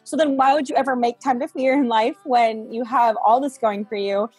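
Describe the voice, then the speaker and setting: A young woman in her twenties speaks as an interview guest, relaxed and chatty, filling her sentences with "like" and "um". Her voice has a husky edge and sounds dry and close. Soft music plays faintly underneath. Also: on the high side, normal speed, dry recording. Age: 20s. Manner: chatty, frequent "like" and "um". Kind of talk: casual faith interview chat.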